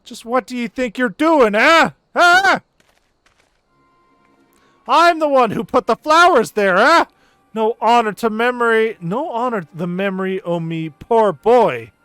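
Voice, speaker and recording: A man's voice: very high-pitched, animated, unhurried, pushed and bright, clear, resonant tone, no room sound, faint music behind, exaggerated voice. A man voicing a frail grieving old woman who wails in a folksy dialect, reading game dialogue aloud. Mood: scolding. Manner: dramatic folksy dialect, wailing.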